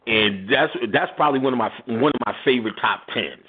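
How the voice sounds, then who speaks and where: A man's voice: medium pitch, fairly quick, slightly rough. A middle-aged man, host of a radio show, telling stories in casual, profane talk, laughing often and acting out what others said. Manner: profane, laughing, acts out quotes in voices. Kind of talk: casual storytelling chat. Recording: phone-line sound.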